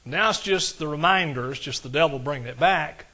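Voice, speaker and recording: Folksy preacher, bright voice. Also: male voice, a little high, fairly quick. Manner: folksy, conversational preaching with asides to the congregation. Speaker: pastor. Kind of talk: sermon.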